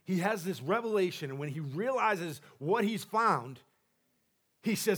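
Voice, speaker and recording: A man's voice: high voice, animated, moderate pace, husky. Passionate charismatic male preacher. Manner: passionate, swings from loud exhortation to soft asides, laughs often. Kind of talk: charismatic sermon. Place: church sanctuary.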